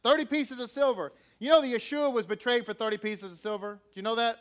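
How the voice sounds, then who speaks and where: Male preacher, high voice, emphatic, peppers the sermon with rhetorical questions. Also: steady tone, fast talker, fairly bright tone.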